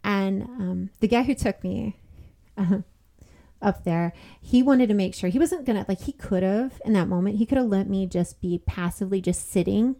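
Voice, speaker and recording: Earnest woman with a gravelly edge. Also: mid-range voice, moderate pace, dark tone. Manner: earnest, heartfelt storytelling with many fillers. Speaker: podcast guest. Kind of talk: personal testimony in casual conversation.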